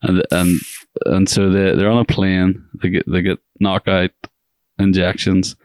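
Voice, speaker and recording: A man's voice: low-pitched, completely flat delivery, a little slow, a little mellow, no echo, clean studio sound. A man co-hosting a podcast, chatting casually about a film, rambling and laughing, acting out lines. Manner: rambling, laughs often, acts out quotes. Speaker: podcast co-host. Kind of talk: casual movie chat.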